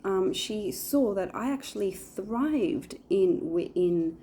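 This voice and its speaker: A woman's voice: mid-range voice, expressive, slow, mellow, a little hiss or hum. A woman in her forties chatting casually to camera in a rambling way, with lots of fillers. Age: 40s. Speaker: vlogger. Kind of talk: casual chat.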